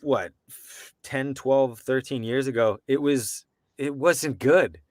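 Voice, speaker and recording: A man's voice: medium pitch, slow, no echo. Man chatting in a dry, close sound. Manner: animated, rambling explanations with many restarts. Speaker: professional voice actor, guest. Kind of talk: casual interview chat.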